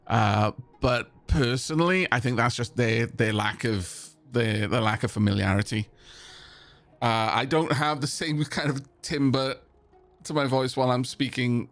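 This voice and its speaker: A man's voice: medium pitch, unhurried, fairly bright tone, faint music behind. A man from Wales with a South Welsh accent, chatting casually with stream viewers during a late-night let's play, rambling and restarting his sentences. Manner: rambling, chatty, frequent restarts and self-corrections.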